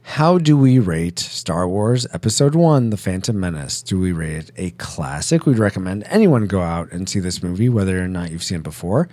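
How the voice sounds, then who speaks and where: A man hosting a film podcast, jokey and animated. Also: low voice, moderate pace, hardly any pauses. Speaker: podcast host.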